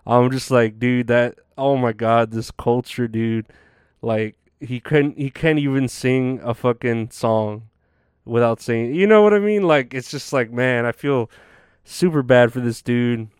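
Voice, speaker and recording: A worn-out man talks through a casual solo podcast monologue, rambling and cursing freely, his speech full of fillers and restarts. His voice is smooth and resonant, and the sound is close and dry with no room around it. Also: medium pitch, fairly even intonation, unhurried, no room sound. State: tired, yawning. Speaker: podcast host.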